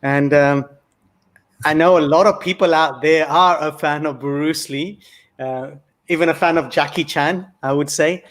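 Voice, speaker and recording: A man's voice: fairly high pitch, steady tone, unhurried. A man speaking as a guest on a talk show, earnest and reflective, often restarting his phrases. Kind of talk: conversational monologue.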